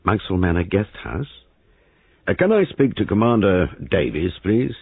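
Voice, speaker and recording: A man's voice: sits low, sing-song, unhurried, creaky, breathy edge, no echo, pitched above the performer's own voice, heavily acted. A man voicing a hearty, confident police superintendent on the telephone with a slight country burr, heard in a phone-like, lo-fi reading.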